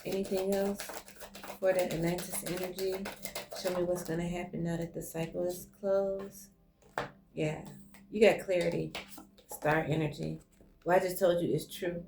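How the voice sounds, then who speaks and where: A woman's voice: lowish voice, level tone, normal speed, a little mellow. A woman giving a casual online tarot reading, effusive and speaking straight to the viewer. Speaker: tarot reader. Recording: music playing clearly behind her voice.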